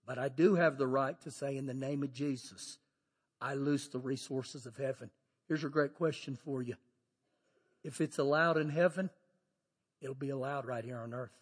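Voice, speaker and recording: A pastor preaching a sermon, animated, moving between loud shouted lines and low quiet asides. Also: male voice. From Texas. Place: church sanctuary. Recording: long hall reverb.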